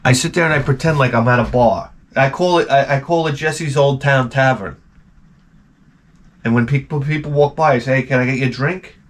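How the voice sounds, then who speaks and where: A man's voice: medium pitch, normal speed. A man hosting his channel, rambling casually and comically, with frequent profanity. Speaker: channel host.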